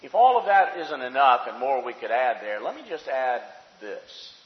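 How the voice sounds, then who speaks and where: Preacher swinging between shouts and hushes. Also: male voice, mid-range voice, very animated. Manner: swings from shouted emphasis to hushed, slow confession. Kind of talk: sermon. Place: church sanctuary. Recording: echoey hall, dull sound.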